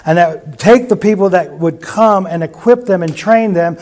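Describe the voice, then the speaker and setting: A man's voice: high-pitched, normal speed, darkish tone. A man preaching a sermon through rambling anecdotes, with frequent restarts. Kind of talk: sermon storytelling.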